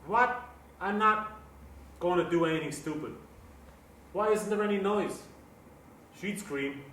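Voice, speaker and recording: A man's voice: high-pitched, measured pace, fairly bright tone, slight background noise. An actor playing a frustrated grown son arguing with his mother, agitated and defensive. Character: anxious, frustrated grown son of the bar owner. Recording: echoey room, mic at a distance.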